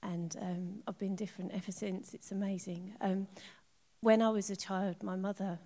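Earnest woman with a gravelly edge. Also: medium pitch, little pitch movement, moderate pace. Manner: soft, earnest and emotional, trailing off quietly. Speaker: church member giving testimony. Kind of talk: personal testimony in church.

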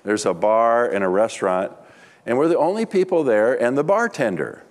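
A man's voice: mid-range voice, very animated, normal speed. A middle-aged man, a pastor, preaching a sermon with humorous personal stories in a chatty, conversational way.

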